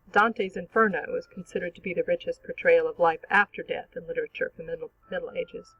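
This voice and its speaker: A teacher giving a clear, measured, scripted narration for an online literature lesson. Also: medium pitch, narrow, tinny audio. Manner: clear, measured explanatory reading.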